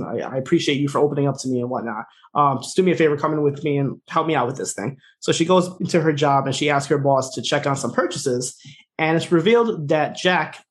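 A man co-hosting a podcast who casually recaps a TV episode, laughing often and acting out what the characters say. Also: a little high. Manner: chatty, laughs often, acts out quotes. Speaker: podcast co-host.

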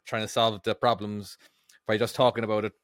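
A man's voice: on the low side, little pitch movement, brisk, fairly bright tone, smooth, dry recording, studio quality. A man co-hosting a casual podcast, rambling with many restarts and frequent laughter. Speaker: podcast co-host.

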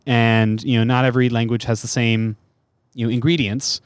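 A man's voice: mid-range voice, level tone, normal speed, clean tone, dry recording, clean studio sound. A man who is a comedian guest on a podcast, talking casually with lots of fillers and restarts. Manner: rambling, many fillers.

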